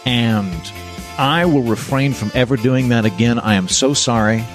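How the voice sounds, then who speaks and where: A man's voice: medium pitch, normal speed, soft background music. A man hosting a podcast, delivering a scripted monologue in a wry, sardonic way. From United States. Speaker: podcast host.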